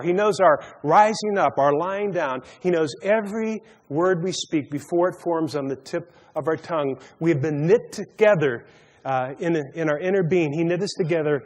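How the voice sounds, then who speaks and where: Teaching a Bible study sermon full of stories and jokes, this man stumbles and repeats words frequently. His voice is a little high and slightly mellow, at a moderate pace, heard through long hall reverb.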